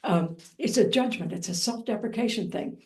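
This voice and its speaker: A woman with a gravelly, mid-range voice gives a dharma talk teaching Buddhist practice at a moderate pace. Her tone is gentle and reflective, with a light playful touch.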